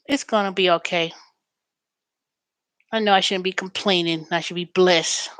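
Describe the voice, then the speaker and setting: A woman hosting a show in a chatty, storytelling way, turning animated when she quotes callers. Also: fairly low pitch, a little slow, long pauses, clear, resonant tone, dry recording. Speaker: host. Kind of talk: casual chat.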